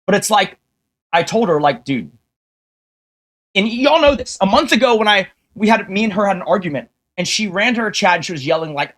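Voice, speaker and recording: A man's voice: sits high, animated, fairly quick, a bit bright. Exasperated swearing male streamer. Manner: heavy swearing, exasperated and combative; addresses viewers directly with rhetorical questions. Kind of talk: ranting livestream monologue.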